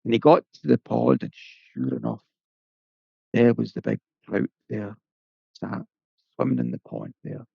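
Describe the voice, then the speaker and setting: A man tells a folk tale in a relaxed, conversational way. His voice is deeply gravelly and husky, rising and falling in a lively sing-song. The sound is dull and dry, close to the mic. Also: a little slow, pauses often, no echo. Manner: lilting, conversational, folksy asides. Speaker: storyteller. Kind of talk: oral folk-tale telling.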